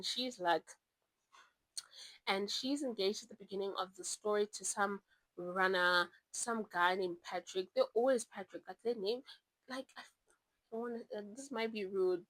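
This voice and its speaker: A woman's voice: medium pitch, dry recording, rough recording. Chatty young woman with a dry close sound. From South Africa. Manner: chatty, rambling, animated asides. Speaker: book vlogger. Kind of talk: casual chat.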